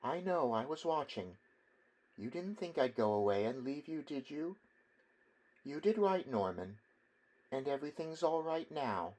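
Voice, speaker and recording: A man voicing an elderly mother who soothes her grown son at his bedside, in a soft, hushed, gently reassuring voice. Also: medium pitch, very animated, measured pace, long pauses, voice pushed up. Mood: soothing.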